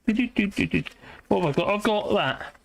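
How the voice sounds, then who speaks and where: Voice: mid-range voice, expressive, takes it slowly, creaky, slight background noise. A British livestream host chatting in a rambling way, reading viewer comments aloud and laughing often. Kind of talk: rambling live chat.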